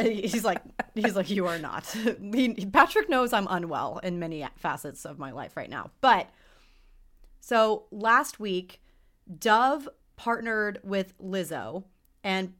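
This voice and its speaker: A young woman co-hosting a casual podcast chat, her voice sitting a touch low. She talks earnestly and gets emotional, rambling through her thoughts with plenty of fillers. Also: fairly bright tone. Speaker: podcast co-host.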